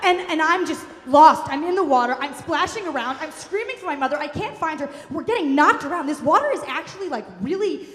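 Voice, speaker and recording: A woman telling a comic personal story on stage, fast, wry and profane, recorded in a live venue hall. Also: high voice, expressive. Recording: echoey hall, faint room noise.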